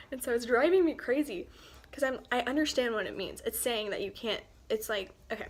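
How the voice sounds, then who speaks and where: A teenage girl student chatting casually to camera, rambling, sighing and often dropping into soft near-whispers. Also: a little high, lively intonation, brisk. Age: teens. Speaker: student vlogger. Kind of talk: casual chat.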